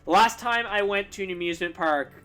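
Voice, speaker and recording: Rambling young man, bright voice. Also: high voice, fast. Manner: rambling, stumbling restarts, self-deprecating laughs. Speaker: streamer answering chat questions while drawing. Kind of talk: casual chat.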